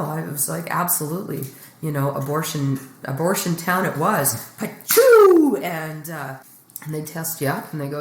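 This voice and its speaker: Blunt, joking woman in an echoey room. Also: on the low side. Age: middle-aged. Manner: blunt, joking, animated retelling. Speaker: guest comedian. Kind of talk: candid storytelling chat.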